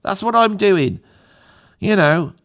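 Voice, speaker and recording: A middle-aged Englishman, a YouTuber and musician from England, talks off the cuff in a rambling, self-mocking vlog monologue. His voice is high, expressive and slightly bright, and he speaks slowly.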